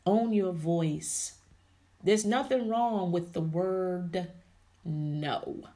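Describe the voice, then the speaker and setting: A woman with a lowish, warm voice draws out her words as she hosts a podcast. She delivers an emphatic, preachy, faith-based motivational talk, addressing her listeners as ladies and honey.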